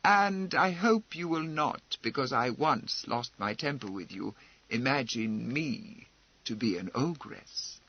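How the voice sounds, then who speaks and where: A man voicing a proud, composed noblewoman who speaks in a brisk, wry, commanding way, in an audiobook. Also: mid-range voice, animated, dull audio.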